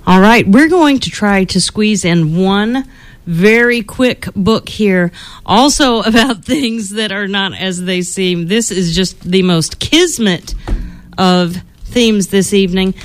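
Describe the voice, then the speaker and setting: A woman hosting a storytime event, finishing a book aloud and introducing the next reader in an animated way. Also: mid-range voice, takes it slowly, dry recording. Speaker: storytime host.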